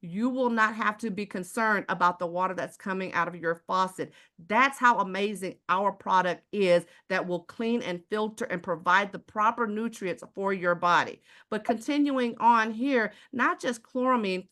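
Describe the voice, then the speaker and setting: A woman with a Texan accent delivers a live online sales pitch. She speaks straight to her viewers and keeps throwing rhetorical questions at them. Her voice sits at a medium pitch. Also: a bit bright. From Houston, Texas. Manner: rhetorical questions, addresses the audience directly. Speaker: sales presenter.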